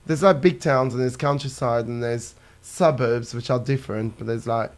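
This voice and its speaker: A man's voice: medium pitch, moderate pace. A man telling stories as a guest on a casual chat show, laughing as he goes. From France. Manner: chatty storyteller, laughs while telling anecdotes.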